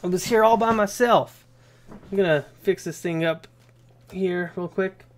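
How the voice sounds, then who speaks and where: A young man hosting a live Q&A stream talks in a loose, rambling way. His voice sits somewhat high for a man. He sounds energetic and swears casually as he goes. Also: a little slow.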